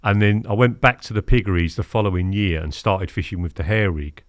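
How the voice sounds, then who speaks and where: Guest in his fifties, low voice, dry sound, animated storyteller. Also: a little fast, dry recording. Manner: animated, acts out quotes, keeps asking "do you know what I mean?". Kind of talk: casual storytelling interview.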